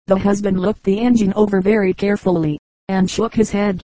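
A woman reading a collection of humorous anecdotes as an audiobook, in an even, measured storytelling manner with lightly acted quotes. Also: medium pitch, no room sound, rough recording. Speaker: audiobook reader. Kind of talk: scripted narration of humorous anecdotes.

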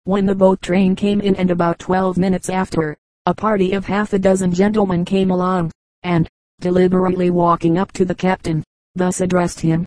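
A woman narrating an audiobook with a steady, even reading style. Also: lowish voice, normal speed, no room sound, poor audio. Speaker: audiobook reader. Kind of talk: scripted narration.

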